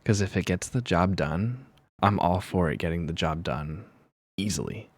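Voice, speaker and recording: A man with a very low, deep voice talks quietly through his work in soft-spoken ASMR style. He pauses often and thinks aloud in a hushed, unhurried way. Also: husky, no echo. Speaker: streamer.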